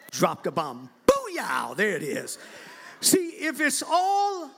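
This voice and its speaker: A middle-aged man preaching a lively church sermon to his congregation, playful and animated, breaking into shouts and laughter. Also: high-pitched, extremely slow, creaky, breathy edge. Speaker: bishop preaching.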